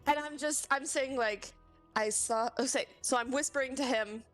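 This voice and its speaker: A woman's voice: high voice, normal speed, soft background music. A woman playing a tabletop game, talking hesitantly with many fillers. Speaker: player. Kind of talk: in-character tabletop play.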